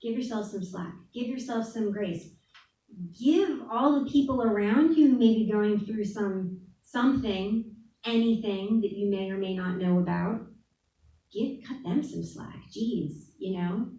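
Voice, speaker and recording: A woman's voice: medium pitch, a little slow, dark tone. A woman giving a candid, casual talk at a spiritual center, laughing often and saying "like" a lot. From New Orleans. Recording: echoey room, voice from far off.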